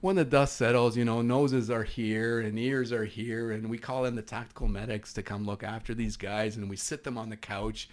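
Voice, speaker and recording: A man's voice: on the low side, level tone, moderate pace, hardly any pauses. A man from Canada, a former SWAT officer, telling an anecdote as a guest with many restarts and fillers. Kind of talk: storytelling anecdote in conversation.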